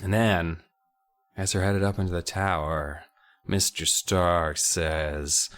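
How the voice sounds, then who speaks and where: A man's voice: low-pitched, steady tone, slow, a bit bright. A man co-hosting a podcast, casually and comically recapping a book with lots of rambling asides. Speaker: podcast co-host.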